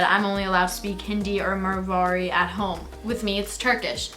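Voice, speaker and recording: A young woman vlogging a comedy monologue, chatty and animated, acting out her parents' lines in a raised voice. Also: mid-range voice, roomy sound. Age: young adult.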